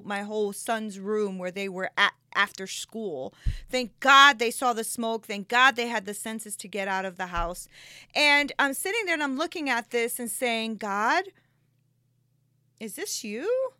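A woman's voice: fairly high pitch, bright, forceful tone, smooth, dry recording. A middle-aged woman telling an emotional personal testimony, acting out the quotes and close to tears. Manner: tearful, dramatic retelling with voiced quotes. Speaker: guest telling her testimony.

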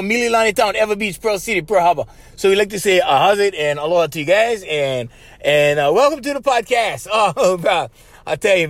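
A man with a Hawaiian Pidgin accent rambles through stories on his own podcast, laughing often and saying bro at every turn. His voice sits high and swings all over the place. The sound is dry and close, with no room around it. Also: no echo. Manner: animated, laughs often, says bro constantly. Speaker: podcast host. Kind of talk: casual storytelling monologue.

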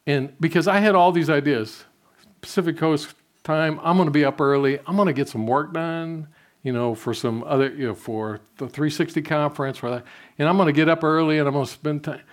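A man's voice: on the high side, a little fast. Older man preaching a story-driven sermon. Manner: conversational storytelling, drops softly when quoting prayers. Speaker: pastor.

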